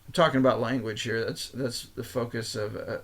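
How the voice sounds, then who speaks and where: A man's voice: medium pitch, steady tone, a little fast. Rambling, profane man. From United States. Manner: rambling, profane, laughing at himself. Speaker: podcast host. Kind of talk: unscripted casual monologue.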